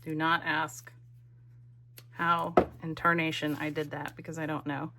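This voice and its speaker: In this very noisy recording, a middle-aged woman talks through a craft video in a low-pitched, level voice, taking her time. She keeps it casual and chatty, playfully mocking herself while she crafts.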